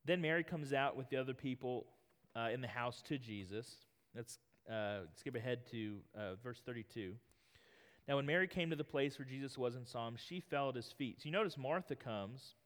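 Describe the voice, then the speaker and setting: A man's voice: medium pitch, moderate pace, fairly bright tone. A man in his thirties preaching a sermon, reading scripture and talking in an earnest, conversational way. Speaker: pastor. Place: church sanctuary. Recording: long hall reverb.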